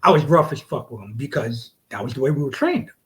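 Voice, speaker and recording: Male wrestler, forties, from the United States: loose, profane, animated storyteller with a mid-range voice. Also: medium pitch, a little fast, low-quality recording. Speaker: wrestler guest. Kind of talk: casual storytelling interview.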